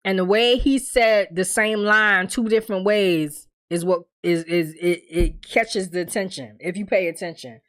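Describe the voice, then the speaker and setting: A woman hosting a casual TV recap, talking in an animated, blunt and profane way and laughing often. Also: medium pitch, a little slow, few pauses. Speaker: TV recap host.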